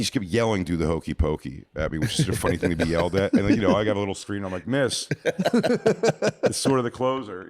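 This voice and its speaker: A man's voice: low voice, no room sound. A man, a podcast co-host telling a long rambling story with many fillers and restarts. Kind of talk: casual storytelling.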